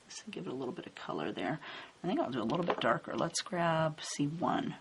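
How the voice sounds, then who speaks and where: A woman with a low, slightly gravelly voice guides you through a coloring tutorial one stroke at a time. Her narration stays calm and unhurried. A faint hiss sits under the recording. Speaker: card-making instructor. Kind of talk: step-by-step coloring tutorial voice-over.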